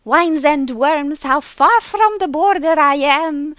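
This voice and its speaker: A woman voicing tiny winged creatures that chatter nonsense in a shrill, drawn-out sing-song. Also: fairly bright tone, no room sound, clean studio sound.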